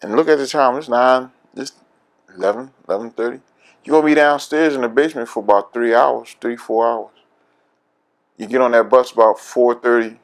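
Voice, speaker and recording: A man's voice: medium pitch, fairly even intonation, fairly quick, creaky. A veteran with a Philadelphia accent recounts his own story in an oral history interview. He talks candidly, in a middling voice, and breaks into laughter often.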